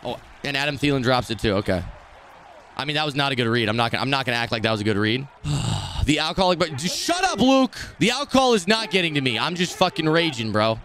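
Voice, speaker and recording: A man's voice: medium pitch, quick pace. Young guy streaming a football game, cursing a lot, voice jumps all over, bit of room hiss. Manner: excitable, swings from muttering to shouting at the game; profane trash talk. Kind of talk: live gaming commentary.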